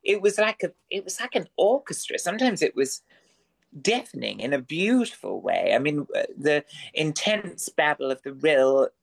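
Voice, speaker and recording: A man guesting on a radio show who talks in ornate, theatrical language. His phrasing is elaborate and full of rare words. He moves up and down in pitch as he speaks. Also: very animated, moderate pace, vocal fry. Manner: florid, wordy and theatrical. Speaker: guest performer. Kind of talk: radio interview.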